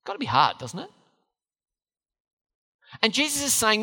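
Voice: medium pitch, huge pitch swings, a little slow, long pauses, sharp tone. A preacher giving a sermon, speaking with emphasis and putting questions to the listeners. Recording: long hall reverb.

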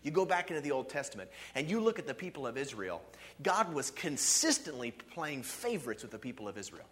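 A man preaching a conversational sermon, animated, often saying "see" and "okay" to the congregation. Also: medium pitch, a little fast. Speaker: pastor.

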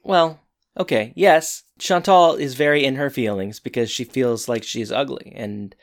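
A man co-hosting a podcast, recapping a TV episode in a rambling, halting, self-correcting way. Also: mid-range voice. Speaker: podcast co-host. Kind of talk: casual TV episode recap chat.

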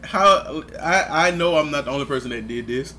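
A man's voice: on the high side, expressive, moderate pace, bright, forceful tone, slight background noise. A young man co-hosting a casual chat, laughing often, swearing freely and giving blunt advice. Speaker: podcast co-host.

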